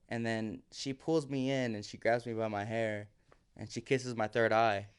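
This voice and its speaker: A man's voice: lowish voice, fairly even intonation, normal speed, clean tone. Casual male podcast guest telling a story. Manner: vivid, swearing, re-enacts quotes.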